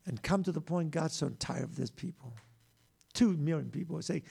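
Man, high voice, middle-aged preacher, broken grammar, impassioned. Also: normal speed, gravelly, husky. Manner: impassioned, shifts from hushed to loud exclaiming; broken grammar, frequent repeats. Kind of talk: sermon.

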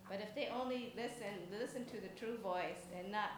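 A woman tells a story during a children's sermon, chatty and quick to laugh, often asking her listeners questions. Her voice echoes through a church hall with a faint hum of ambience behind it. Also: medium pitch. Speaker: speaker giving a children's message at church.

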